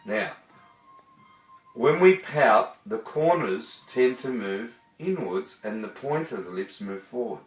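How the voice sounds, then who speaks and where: A man's voice: mid-range voice, animated, slow, soft background music. A man teaching singing, demonstrating vowels and coaching a student. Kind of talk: vocal lesson. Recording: echoey room, voice from a distance.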